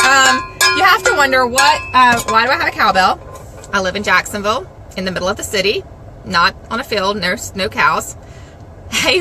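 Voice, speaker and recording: A middle-aged woman, talking casually and devotionally to the camera in a chatty, self-deprecating way with lively asides. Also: sits high, poor audio. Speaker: Christian vlogger.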